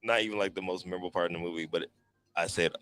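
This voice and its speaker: A man's voice: deep voice, fairly even intonation, rapid-fire, a bit bright, smooth. A young man co-hosting a podcast, chatting animatedly and leading segments in a reflective tone. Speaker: podcast co-host. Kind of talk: casual podcast chat.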